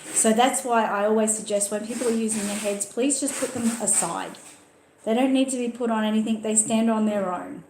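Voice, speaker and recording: A woman's voice: on the high side, brisk, echoey room, noisy background. An Australian woman hosting a casual Q&A, chatty and emphatic, often repeating words for stress. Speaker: channel host answering viewer questions. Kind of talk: casual livestream Q&A chat.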